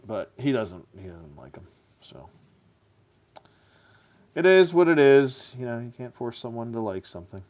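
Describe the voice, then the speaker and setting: A man's voice: medium pitch, expressive, normal speed, long pauses, darkish tone. A man casually reviewing action figures as he builds them, chatty and goofy, slipping into silly rhymes.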